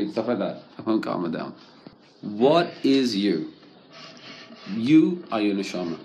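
A man's voice: medium pitch, darkish tone, a little hiss or hum. Man giving a casual Torah talk. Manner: conversational, repeats "right?", mixes in Hebrew terms. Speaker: Torah teacher. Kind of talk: informal religious talk.

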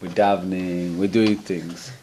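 A man's voice: low voice, level tone, measured pace, warm tone, a little hiss or hum. A man teaching a Torah lesson as a rabbi, earnest, often asking his listeners questions. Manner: earnest, asks the listeners questions, acts out voices.

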